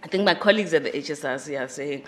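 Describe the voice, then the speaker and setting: A speaker with a self-described squeaky voice gives a formal welcome address at a university conference hall on a podium microphone, halting with frequent fillers and repeated words. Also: a bit bright, slight background noise. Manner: rises in pitch and volume on emphasized phrases. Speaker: conference host speaking for the organizers.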